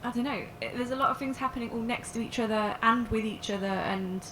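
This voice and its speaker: A woman's voice: on the high side, fast, fairly bright tone, a little hiss or hum, poor audio. A young English woman hosting a podcast, chatting with enthusiasm and laughing easily. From England. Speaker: podcast host. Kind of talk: casual chat.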